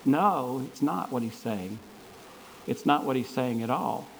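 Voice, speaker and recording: A man's voice: medium pitch, animated, measured pace, creaky, a little hiss or hum, rough recording. A man preaching a sermon in an earnest, conversational way, stumbling and restarting as he reads and explains scripture. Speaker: pastor.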